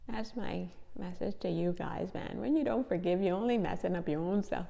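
A woman's voice: fairly low pitch, moderate pace, gravelly, few pauses, dark tone, long reverb tail. A tired, tearful woman speaking to her viewers in a heartfelt testimony, repeating her phrases. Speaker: faith vlogger.

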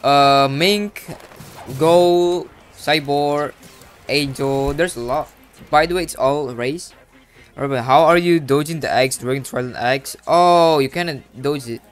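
A man giving casual gameplay commentary, chatting with other players, who breaks into sudden shouts and laughter. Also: on the high side, takes it slowly. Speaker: gaming YouTuber.

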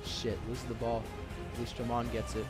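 A young man giving raging, expletive-filled commentary over his own basketball game, yelling and cursing at the players. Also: medium pitch, monotone, normal speed. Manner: swears constantly, yells and curses at the game. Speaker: gaming channel host. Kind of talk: raging live gameplay commentary. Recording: game music behind the voice.

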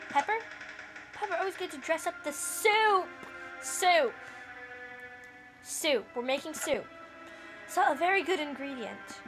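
A woman's voice: high voice, poor audio. A woman chatting playfully through a let's play, with quirky asides while reading the game's lines. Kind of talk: casual gameplay commentary.

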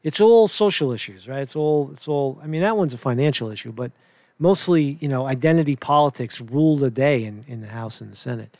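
A man's voice: mid-range voice, a little fast, darkish tone, dry recording. A man giving solo political commentary, reading news aloud and reacting indignantly, rambling with frequent "right?" asides and swearing.

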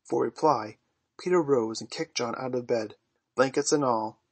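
Husky male audiobook narrator, dry close sound, measured. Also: medium pitch, dry recording. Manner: measured storytelling. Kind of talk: scripted narration of a classic novel.

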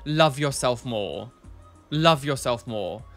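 A man's voice: medium pitch, lively intonation, takes it slowly, fairly bright tone, faint music behind. A man hosting a casual reaction video, blunt and exasperated, often sighing and repeating himself for emphasis.

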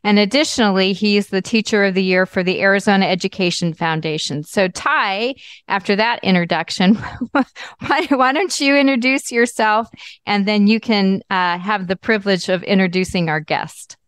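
Female podcast host, smooth clear voice, dry close sound, welcoming and measured. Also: medium pitch, fairly even intonation, no room sound. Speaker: host, school superintendent. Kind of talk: podcast interview hosting.

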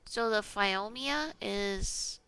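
Gravelly woman chatting while gaming. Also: medium pitch, drawn-out words, sharp tone. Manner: chatty, self-mocking, talks to herself while playing. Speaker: gaming channel host. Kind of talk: casual gameplay commentary.

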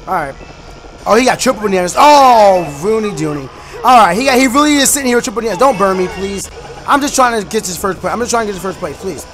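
A young man giving excited, rambling commentary while playing a racing game, shouting at rivals and breaking into freestyle raps. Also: high-pitched. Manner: animated, bursts into shouts and freestyle rapping, fast rambling asides. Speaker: gaming YouTuber. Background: game music.

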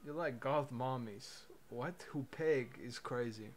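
A man's voice: medium pitch, slow, darkish tone. A young man streaming, teasing a chatbot with crude, mocking remarks. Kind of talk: casual livestream commentary.

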